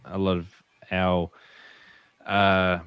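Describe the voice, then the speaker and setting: An Australian man with a very low voice talks in a relaxed, halting way, full of fillers and restarts. The sound is dry and close, with no room around it. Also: clean tone, dry recording, muffled recording. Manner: hesitant, many fillers and restarts. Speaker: guest ham radio operator. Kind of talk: casual podcast chat.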